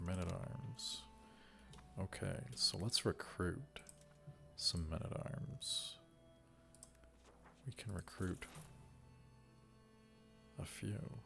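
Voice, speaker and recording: Low gravelly man musing over gameplay. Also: very slow, pauses often, over music. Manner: musing, wry, talks to himself while playing. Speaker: let's play gamer. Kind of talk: casual game commentary.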